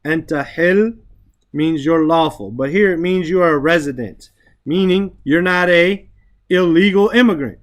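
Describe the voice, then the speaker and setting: A man's voice: on the high side, a little slow. A man teaching an Arabic and Quran class, explaining grammar patiently, often checking with "right?", reciting verses and then translating them.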